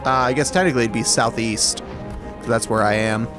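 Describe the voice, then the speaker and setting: A man from Alabama talks casually to his stream viewers, rambling along and catching his own slips. His voice sits at an ordinary middle pitch, with faint music playing behind him. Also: fairly quick. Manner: rambling and self-correcting, light chuckles.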